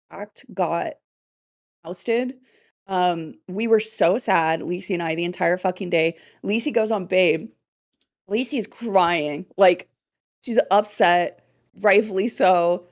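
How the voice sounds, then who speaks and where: A woman co-hosting a casual chat show, ranting fast and swearing a lot. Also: fairly low pitch. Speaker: co-host.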